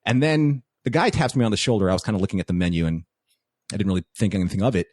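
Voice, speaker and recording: A man, a guest on a podcast, telling stories in casual chat with animated delivery. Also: on the low side, rapid-fire, no echo, studio quality. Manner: animated storytelling.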